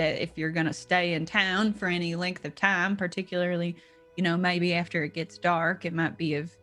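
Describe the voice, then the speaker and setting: A woman's voice: lowish voice, fairly bright tone, voice pushed down, natural voice. A woman voices a jittery village man who fumbles through his words. He sounds hesitant and wary. Faint music sits behind the voice. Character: wary, nervous village man posting notices.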